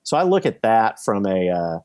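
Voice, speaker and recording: Low-voiced man explaining investing. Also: very animated, moderate pace, a little mellow, no room sound, studio quality. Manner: explains with everyday examples, many fillers. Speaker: podcast guest, real estate investor. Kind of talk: casual podcast conversation.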